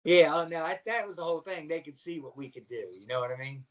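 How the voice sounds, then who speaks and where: Animated, fairly high-voiced middle-aged man. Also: quick pace. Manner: animated storyteller, repeats "you know what I mean". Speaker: guest, former pro wrestler. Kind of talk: casual chat.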